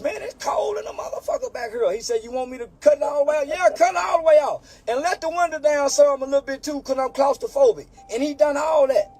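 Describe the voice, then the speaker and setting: Faint music plays behind a very high-pitched man who talks quickly with few pauses, his tone a little mellow. He's a storyteller in a played clip, drawling through a profane, animated anecdote and voicing the people in it.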